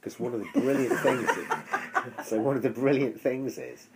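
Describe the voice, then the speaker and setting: A man's voice: medium pitch, steady tone, normal speed, heavy background noise. A man telling a long, rambling story in casual chat, swearing freely as he goes.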